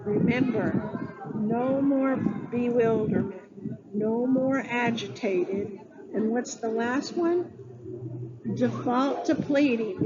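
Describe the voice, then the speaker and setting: Slow, deliberate woman teaching teachers. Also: on the high side, very noisy. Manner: deliberate, spells out words letter by letter. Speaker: early childhood educator. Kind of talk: instructional talk to teachers. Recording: dull lo-fi sound with clear background ambience.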